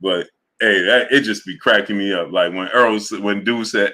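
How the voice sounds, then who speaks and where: A young man hosting a casual sports talk stream, animated and slangy, often breaking into laughter and repeating himself. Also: lowish voice, normal speed. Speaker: sports show host. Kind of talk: casual livestream chat.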